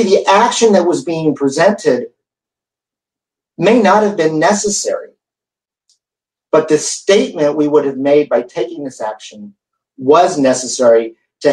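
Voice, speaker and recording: A man giving a keynote speech as an animated storyteller who acts out the dialogue in his stories. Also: fairly high pitch. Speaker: keynote speaker. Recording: echoey hall, voice from far off.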